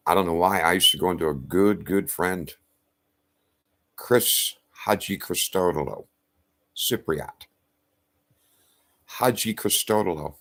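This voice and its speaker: A man's voice: sits low, gravelly, fairly bright tone. A man ranting to camera in a profane, confrontational, rambling way. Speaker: vlogger.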